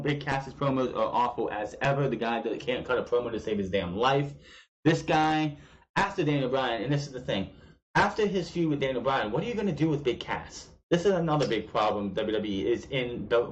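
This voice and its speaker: A man's voice: mid-range voice, normal speed, slight background noise, low-quality recording. A man giving a blunt, profane, ranting opinion on wrestling shows in a casual vlog. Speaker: wrestling show commentator.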